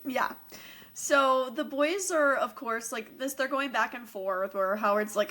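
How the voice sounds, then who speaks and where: Woman, podcast co-host, relaxed chatty recap, somewhat high voice. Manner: casual, reacts with quick agreement. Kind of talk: casual chat.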